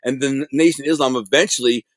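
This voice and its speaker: A fast-talking middle-aged man with a medium-pitched voice recounts his prison stories during a relaxed interview. He's lively and streetwise, dropping slang and performing quotes, and there's no echo on the recording.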